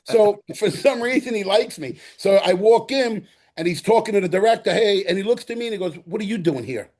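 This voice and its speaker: A middle-aged man from the Bronx with a New York accent, a guest actor telling animated stories in an interview, acting out quotes and repeating himself. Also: sits high, fairly quick. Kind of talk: storytelling interview.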